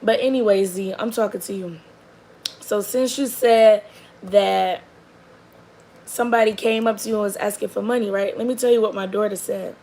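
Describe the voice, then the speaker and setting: A young mom vlogger tells the camera a story about her daughter in a casual, rambling way, her gravelly female voice animated and full of "likes" and restarts, then dropping to a soft, low murmur for long stretches of quiet asides. She speaks at a moderate pace, and the audio is poor with slight background noise.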